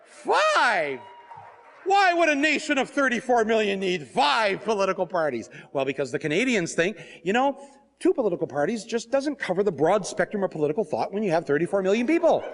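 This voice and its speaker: A man, an author and filmmaker, telling comic stories to a live audience in an animated, joking way, acting out the scenes. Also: high voice, fast talker. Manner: animated, joking, acts out scenes and voices, often breaks into laughter. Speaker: author and filmmaker giving a talk. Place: stage at a book fair.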